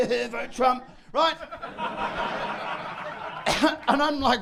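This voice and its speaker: Brash high-voiced comedian man. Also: slow, creaky, long pauses. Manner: brash, loud, shouting bursts and mock voices. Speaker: stand-up comedian. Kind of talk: stand-up comedy set. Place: comedy venue with audience.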